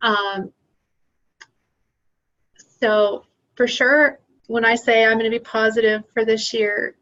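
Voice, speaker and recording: A woman's voice: fairly high pitch, flat delivery, slow, a bit bright, muffled recording. Woman thinking aloud about her craft business. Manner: thinks aloud, hesitant with ums. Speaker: craft seller being coached. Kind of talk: casual conversation.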